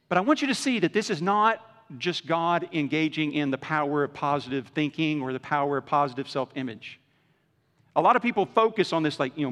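Dramatic preacher in an echoing hall. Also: male voice. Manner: dramatic swings from loud emphasis to hushed lows; conversational, acts out quoted speech. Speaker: pastor. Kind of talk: sermon.

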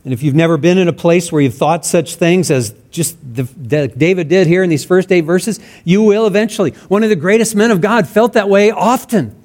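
A pastor preaches a sermon in an earnest, conversational way, acting out sample prayers in his own words. His voice sits high with a darkish tone, and he talks fairly quickly with few pauses.

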